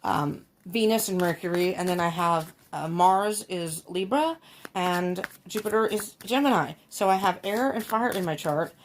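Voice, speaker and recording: A woman's voice: lowish voice, unhurried, slight background noise. A woman giving a casual tarot reading to her viewers, thinking aloud with many ums and laughing often. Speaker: tarot reader.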